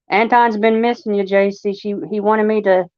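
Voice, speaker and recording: A woman's voice: medium pitch, no room sound. A woman with a Long Island accent hosting a casual livestream, chatting in a rambling way full of fillers. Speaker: livestream host. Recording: dry, slightly dull lo-fi recording.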